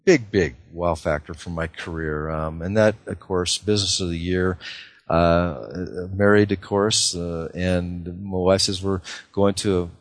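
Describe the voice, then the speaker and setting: A middle-aged man from Idaho with a very low, deep voice tells stories as an interview guest. He rambles, circles back and repeats words, filling pauses with "uh" and "you know.". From Idaho, USA. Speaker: guest, car dealer. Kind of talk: casual interview storytelling.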